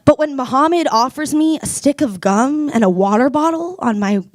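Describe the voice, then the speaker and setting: A young woman performing a stand-up comedy set, wry and self-mocking, jumping into quick voices for the people in her stories. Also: sits high, expressive, dry recording, clean studio sound. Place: comedy club stage.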